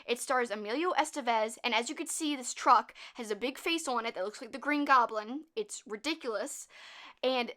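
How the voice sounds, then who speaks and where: Bright chatty young woman. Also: on the high side, normal speed. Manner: chatty, laughing at the film, acts out quotes. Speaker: channel host. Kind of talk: casual movie talk.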